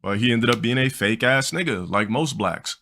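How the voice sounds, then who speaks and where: A man's voice: mid-range voice, lively intonation, normal speed, sharp tone. A man in his forties, a streamer telling a crude story in a blunt, rambling, casual way. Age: 40s.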